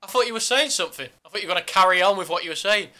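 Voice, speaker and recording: A man's voice: high voice, racing, bright, forceful tone. A man co-hosting a casual sports podcast, teasing his partner in jokey banter. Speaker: podcast co-host.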